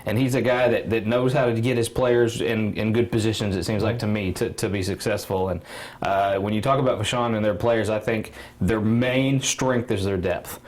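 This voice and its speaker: A man's voice: on the low side, fairly even intonation, normal speed. A man with an American Midwestern accent co-hosting a local sports talk show, rambling and emphatic, with many repeated words.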